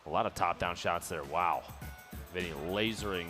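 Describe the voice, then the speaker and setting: A man's voice: low-pitched, normal speed, music in the background. A man giving analytical color commentary at an esports tournament, quoting scores and rules. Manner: analytical, stat-focused, calls the numbers.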